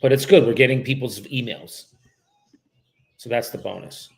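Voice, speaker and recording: A man's voice: medium pitch, moderate pace, gravelly. Man, from the US, real estate agent, cold calls, casual, profane, joking. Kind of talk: livestreamed cold calling with running commentary.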